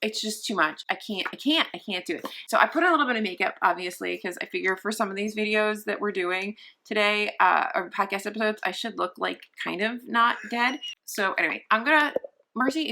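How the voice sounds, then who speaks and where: A woman's voice: medium pitch, pushed and bright, a little hiss or hum. A young woman vlogging casually from her sofa at home, rambling and gushing with many restarts. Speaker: book vlogger. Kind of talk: casual vlog chat.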